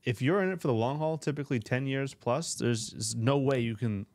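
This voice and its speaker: A man's voice: mid-range voice, fairly quick, a little mellow, dry recording. A man co-hosting a casual podcast as a real estate agent, chatty and teasing. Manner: teasing, chatty, restarts often. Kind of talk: casual chat.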